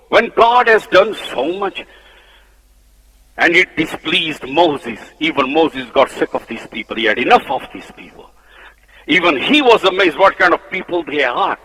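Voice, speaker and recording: A man with a Punjabi accent preaching a sermon, emphatic, swinging between loud declarations and soft low asides. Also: slightly rough. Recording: long hall reverb.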